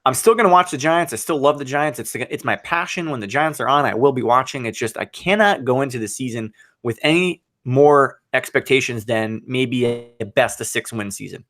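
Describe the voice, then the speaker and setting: A man co-hosting a casual sports podcast, talking football in an excitable, animated way and laughing often. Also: mid-range voice, moderate pace, few pauses.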